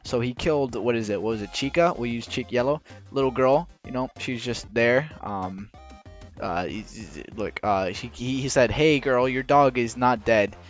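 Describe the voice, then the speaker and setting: A man rambling through a casual explainer while drawing, halting with many restarts and rushing against a timer. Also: mid-range voice. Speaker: video creator explaining game lore. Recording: dull lo-fi recording with faint music.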